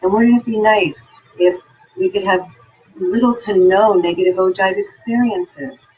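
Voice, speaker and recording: A woman's voice: medium pitch, fairly even intonation, measured pace, a little mellow, slightly rough, muffled recording. A woman giving an upbeat, encouraging motivational talk and telling personal stories. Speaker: motivational speaker.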